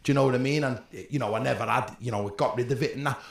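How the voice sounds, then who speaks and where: A man with a Scouse accent telling rowdy stories in casual chat, swearing and laughing loudly. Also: medium pitch, rapid-fire, vocal fry, roomy sound. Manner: swearing, storytelling, loud laughs. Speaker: podcast guest.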